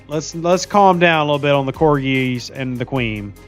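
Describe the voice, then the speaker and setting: Soft background music sits under this mid-range male voice, which moves at a moderate pace. He's live-streaming a mobile game, keeping the chat loose and jokey, laughing a lot and reading out what viewers write as he plays.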